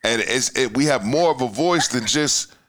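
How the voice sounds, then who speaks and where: Ranting male podcast host, mid pitch, swears a lot, swings between loud and muttering. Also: expressive, moderate pace, slight background noise. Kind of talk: heated casual podcast talk.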